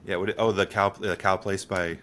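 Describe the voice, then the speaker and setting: A deep-voiced man chatting loosely on a porch podcast, rambling with plenty of fillers and quick laughs. Faint noise sits under his voice. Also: fairly even intonation, a bit bright. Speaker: podcast co-host. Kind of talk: casual chat.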